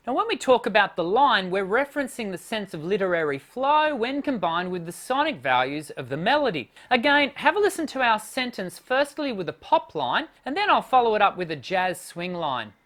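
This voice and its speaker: A woman vocal coach giving a singing lesson in a clear, expressive teaching voice. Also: mid-range voice, a little hiss or hum.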